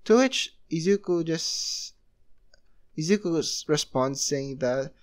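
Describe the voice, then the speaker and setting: A man's voice: on the high side, lively intonation, a little slow. A young man casually narrating a fan story, rambling with many fillers and restarts. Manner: rambling, heavy filler use.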